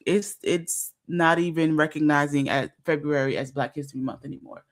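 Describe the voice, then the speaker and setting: A woman hosting a casual livestream, talking emphatically, repeating herself and filling pauses with fillers. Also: deep voice, steady tone. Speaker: livestream host.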